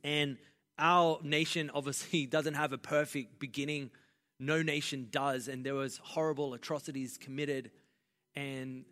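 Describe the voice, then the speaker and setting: A man preaching a sermon as pastor, passionate and building to loud, emphatic delivery. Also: mid-range voice. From Australia. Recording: long reverb of a large hall.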